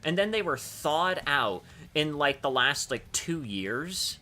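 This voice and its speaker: A man's voice: fairly high pitch, sing-song, takes it slowly, sharp tone. A man hosting a casual stream, ranting with lots of swearing. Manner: profane, ranting, laughs hard. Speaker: stream host.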